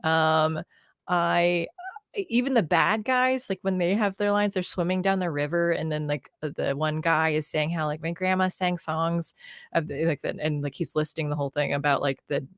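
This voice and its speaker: A woman's voice: deep voice, moderate pace, dry recording, clean studio sound. A woman co-hosting a casual movie chat on a live stream, giggly and chatty, acting out quoted lines. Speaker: podcast co-host.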